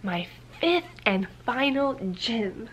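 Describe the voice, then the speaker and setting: A woman's voice: fairly high pitch, big pitch swings, takes it slowly, a bit bright, slight background noise. Woman rambling through a casual story time. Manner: rambling, filler-heavy, dips into whispers. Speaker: vlogger.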